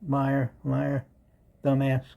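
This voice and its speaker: A man's voice: mid-range voice, monotone, extremely slow, creaky, warm tone, low-quality recording. A man commenting over a clip, mocking and insulting the speaker with scorn. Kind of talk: sarcastic commentary.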